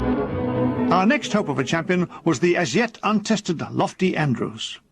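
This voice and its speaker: A man reading his own comic war memoir aloud as an audiobook, with a dry, deadpan delivery and quick put-on voices for the people in the story. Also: sits high, soft background music.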